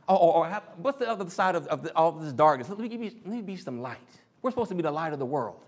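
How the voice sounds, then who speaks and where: A man preaches with lively, swooping pitch, acting out voices of complaining coworkers. His voice sits a little high for a man, and he keeps a casual, joking touch with the crowd. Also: very fast, few pauses. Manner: animated, acts out quoted voices and jokes with the crowd. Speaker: speaker in a church teaching series. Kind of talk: sermon.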